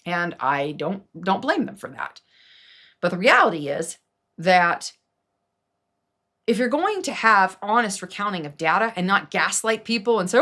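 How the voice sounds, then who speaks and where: A woman's voice: mid-range voice, expressive, unhurried, a bit bright. Emphatic, sarcastic woman commentator. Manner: sarcastic, emphatic, rants with mocking asides. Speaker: political commentary vlogger. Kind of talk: casual opinion commentary.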